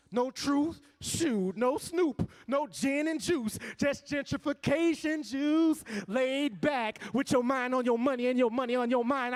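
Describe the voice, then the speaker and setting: A man with a strong New Orleans accent performs spoken word poetry from a live stage. His voice sits very high for a man, and his lines land in rhythmic, punchy runs that break into sudden loud bursts. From New Orleans, USA.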